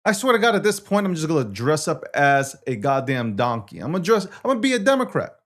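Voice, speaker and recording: A young man hosting a market show, ranting loudly and animatedly with frequent cursing. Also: on the high side, very animated, quick pace. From United States. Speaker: host. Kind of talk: fast, profane commentary.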